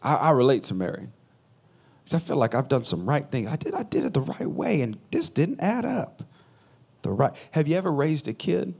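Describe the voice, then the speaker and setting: A man who is a pastor, preaching a sermon in a conversational way, swinging between loud bursts and quiet asides. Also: fairly high pitch, very animated, normal speed, vocal fry, husky.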